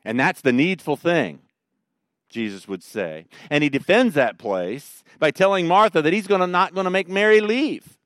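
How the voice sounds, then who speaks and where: A middle-aged man preaching a sermon, swinging between loud emphatic lines and quiet tender ones. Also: fairly high pitch, lively intonation, moderate pace, no echo, studio quality. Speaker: pastor.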